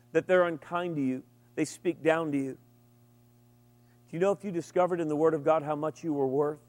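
A middle-aged man preaching a sermon, animated and humorous, with sudden emphatic rises. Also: fairly high pitch. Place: large hall with an audience. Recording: long reverb from a large room.

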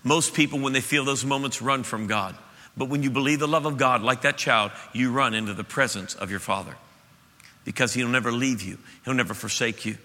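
A male pastor preaching an impassioned sermon to his church, swelling to loud peaks. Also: medium pitch, brisk. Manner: impassioned, rising to shouts at peaks. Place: church auditorium. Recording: reverberant church hall.

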